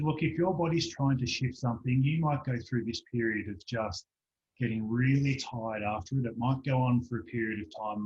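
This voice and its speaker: A man, a practitioner telling a lively anecdote as a guest in an online interview, acting out the voices of the people in it. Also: medium pitch. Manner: animated storyteller, acts out voices in anecdotes. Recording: dull lo-fi online call audio.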